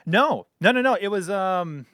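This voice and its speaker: A man from the United States, animated and quick to laugh, trading stories on a podcast. His voice sits a bit high for a man. The sound is close and dry, with no room echo. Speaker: podcast co-host. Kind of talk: casual chat.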